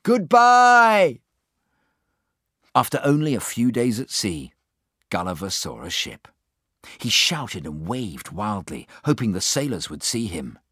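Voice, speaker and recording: A man reading a children's storybook aloud with lively expression, acting out the characters. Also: low-pitched, unhurried, breathy edge, no room sound, studio quality. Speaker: narrator.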